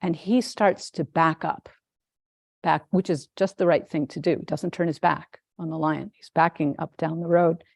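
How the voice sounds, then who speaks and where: A woman with a fairly low voice delivers a dharma talk as a Zen teacher. She tells her story at an unhurried pace with gentle amusement. The sound is dry and close, with no room echo. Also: steady tone, gravelly.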